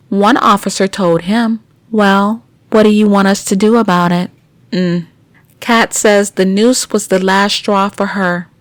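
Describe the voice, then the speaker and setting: A woman's voice: mid-range voice, dry recording. A woman runs her own news commentary podcast and reads out each story. She breaks in with blunt, indignant remarks aimed at her listeners. Her voice is in an ordinary middle register, recorded dry and close with no room sound. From United States. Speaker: podcast host.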